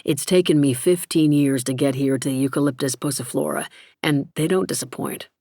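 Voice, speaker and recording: A woman's voice: very deep voice, a little fast, mellow, no room sound, clean studio sound. A woman voicing a friendly, talkative American male biologist in an audiobook, with an American accent. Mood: chatty. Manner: easygoing, talkative. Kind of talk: audiobook character reading.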